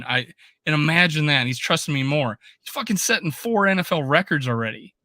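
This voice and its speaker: A man co-hosting a podcast in casual sports chat, animated and swearing often. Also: mid-range voice, normal speed, no echo. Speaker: podcast co-host.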